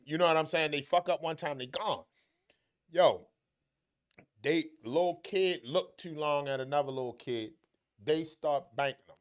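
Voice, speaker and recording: A man's voice: fairly high pitch, fairly quick. A man co-hosting a casual podcast chat, telling stories with heavy slang and profanity. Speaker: podcast co-host.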